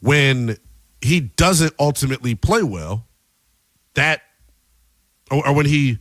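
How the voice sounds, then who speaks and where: A male sports radio host talks through the night's games in a loose, slangy, conversational way. His voice sits at an ordinary pitch. The studio sound is dry and close, with no room echo. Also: animated, slow, fairly bright tone. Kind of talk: casual sports talk show.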